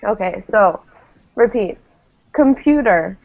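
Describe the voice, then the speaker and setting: A woman's voice: medium pitch, animated, slow, creaky. A woman teaching English pronunciation, patiently modeling words for her class to repeat. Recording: tinny phone-like lo-fi sound.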